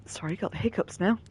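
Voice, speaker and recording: A woman's voice: fairly low pitch, gravelly, a little mellow, husky. A woman streaming a game and making dry, sardonic comments. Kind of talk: casual live commentary while playing.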